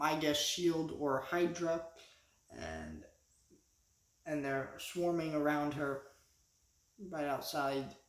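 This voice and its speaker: A man's voice: on the high side, reverberant. A man giving a casual spoken review as a vlogger, rambling with many restarts and fillers.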